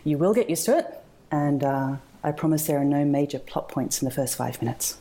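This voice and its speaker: A woman's voice: low-pitched, brisk, mellow, slight background noise. A woman with an Australian accent, a guest author chatting with dry, self-deprecating humor. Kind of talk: casual interview chat.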